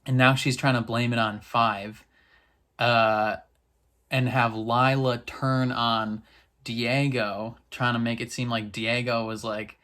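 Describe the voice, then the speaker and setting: Male reaction vlogger, mid-pitched voice, casual rambling recap, excitable and loose.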